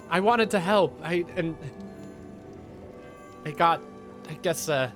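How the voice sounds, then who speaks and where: A man voicing a meek, apologetic human mother in her late forties, stammering nervously. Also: high-pitched.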